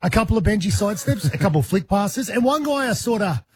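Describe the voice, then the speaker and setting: An Australian man co-hosting a radio show, telling an animated story in casual banter. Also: high voice, fast, slightly rough, dry recording.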